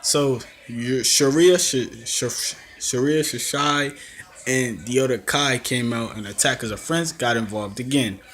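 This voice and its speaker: A young man casually recapping a wrestling event, telling it in an animated way and acting out quotes. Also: medium pitch, a little slow, a little hiss or hum. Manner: animated storytelling with acted-out quotes and laughs. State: coughing, throat acting up. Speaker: wrestling reviewer.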